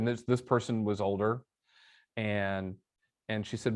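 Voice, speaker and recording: A man's voice: fairly low pitch, fairly even intonation, measured pace, pauses often. A man as an interview guest, explaining real estate outreach and acting out phone calls with quoted lines. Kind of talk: conversational interview, storytelling with examples.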